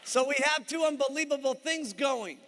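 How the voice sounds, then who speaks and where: An animated male speaker giving a motivational sales talk, often pausing for an "okay?". His voice sits very high and bright, with a long hall reverb behind it. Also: some chatter behind, slight background noise. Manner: animated storyteller, frequent "okay?" check-ins.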